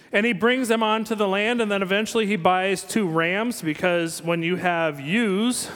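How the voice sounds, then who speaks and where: A man preaching a sermon, telling a story in a relaxed, conversational way with wry asides. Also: fairly high pitch, big-room sound. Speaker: pastor.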